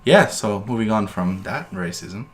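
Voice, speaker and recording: A man co-hosting a casual podcast, telling a story in a fast, rambling way with restarts and indignant bursts. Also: lowish voice, expressive, a little hiss or hum. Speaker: podcast co-host.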